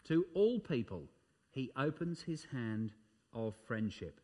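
A man preaching a sermon, emphatic, swinging his voice up and dropping it low for effect, with frequent ums and uhs. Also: big pitch swings, takes it slowly, darkish tone.

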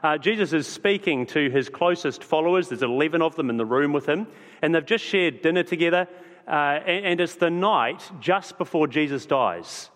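A man preaching an evening sermon, talking in a relaxed, conversational way with frequent fillers and restarts. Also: fairly high pitch, normal speed. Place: church hall. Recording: long church-hall reverb.

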